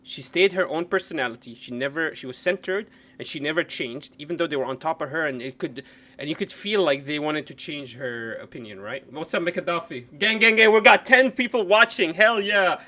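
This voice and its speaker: A man live-streaming a reaction to videos, cursing and mocking what he watches, going from low mutters to loud outbursts. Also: brisk. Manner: profane, mocking, swings between muttering and yelling.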